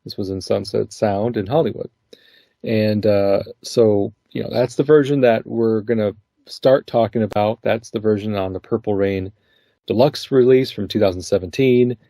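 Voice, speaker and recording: A male podcast host with a low, mellow voice, laughing easily and talking in a loose, conversational way. The sound is close and dry, with no room around it. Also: normal speed, no room sound. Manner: laughs often, relaxed conversational delivery. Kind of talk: casual podcast chat.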